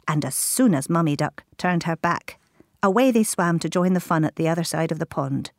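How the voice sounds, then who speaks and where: A woman reading a children's story aloud, animated and dropping into whispers at times. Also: fairly low pitch, moderate pace, no room sound, clean studio sound.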